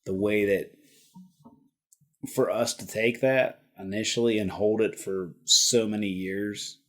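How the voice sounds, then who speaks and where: Low-voiced middle-aged man, halting. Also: fairly even intonation, a bit bright. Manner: halting, restarts phrases, laughs easily. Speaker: guest, retired Army helicopter pilot. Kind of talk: casual conversation.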